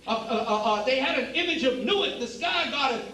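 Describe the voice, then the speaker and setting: A man's voice: very high-pitched, big pitch swings, fairly quick, hardly any pauses, bright, forceful tone. A man giving a preacher-style lecture to an audience, emphatic and repeating phrases for emphasis. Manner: addresses the audience as brothers and sisters. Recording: roomy hall, speaker away from the mic, faint background hiss.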